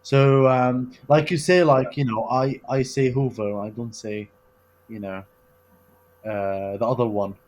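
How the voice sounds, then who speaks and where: A man's voice: medium pitch, flat delivery, a little slow, darkish tone. A man with a slight Northern English accent, a podcast guest talking hesitantly with many fillers. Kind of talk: casual podcast chat.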